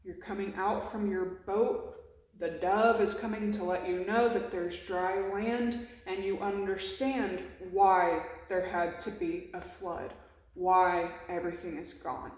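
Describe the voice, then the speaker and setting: A woman's voice: medium pitch, steady tone, unhurried, a little mellow. A woman giving a casual, emotional tarot reading, swearing freely and speaking in a reflective way. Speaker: tarot reader. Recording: very echoey room.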